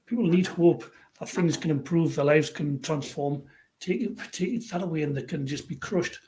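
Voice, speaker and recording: A man's voice: on the high side, moderate pace, mellow, poor audio. A man hosting an interview, responding supportively to his guest, with a few filler ums. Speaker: podcast host. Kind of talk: conversational interview.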